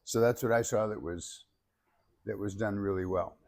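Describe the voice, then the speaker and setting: A man leading a public speaking workshop, giving feedback and demonstrating techniques in an animated way. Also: on the low side, normal speed.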